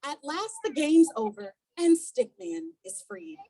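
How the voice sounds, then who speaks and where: A woman reading a children's picture book aloud at a community event, animated and coaxing the young audience to join in. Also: sits high, unhurried, rough recording.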